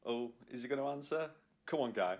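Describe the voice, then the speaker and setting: A man co-hosting a podcast in casual chat, joking and teasing and quick to laugh. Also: medium pitch, animated. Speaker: podcast co-host.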